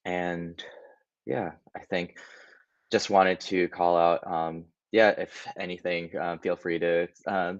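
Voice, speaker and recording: A man's voice: deep voice, level tone, slow, clean tone, dry recording, lo-fi sound. A man, the conference organizer, speaking earnestly and hesitantly over a video call, with many ums. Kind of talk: casual remarks at a virtual conference.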